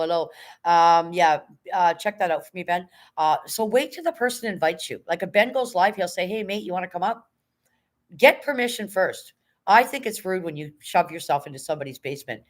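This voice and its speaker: A woman hosts a casual livestream in a somewhat low voice. She talks straight to her chat, greeting viewers by name and giving them friendly advice in a loose, rambling way. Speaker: livestream host.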